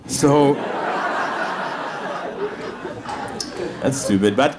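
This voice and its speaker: Russian guy doing deadpan standup, lots of uhs, handheld mic in a club. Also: on the high side, brisk, noisy background. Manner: deadpan, with frequent uh fillers and slips in English. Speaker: stand-up comedian. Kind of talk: stand-up comedy set. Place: comedy club stage.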